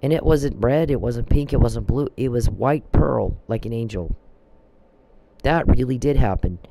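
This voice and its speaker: A man's voice: medium pitch, a little slow, creaky, background noise. A man delivering a preachy, emphatic religious monologue and quoting scripture.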